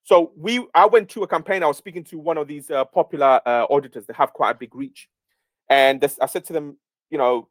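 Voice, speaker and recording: Guy running a live q&a, kinda high voice, pushy, keeps saying okay?, dry close sound. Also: a little fast, no echo. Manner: emphatic, repeats "okay?" to check in. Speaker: project lead hosting a community Q&A. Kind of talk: casual live-stream talk.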